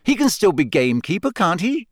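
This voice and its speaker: A man's voice: high-pitched, sing-song, brisk, dry recording, studio quality, voice pushed up, full character voice. A man doing a haughty, cool schoolgirl. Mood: cold. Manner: hard, dismissive.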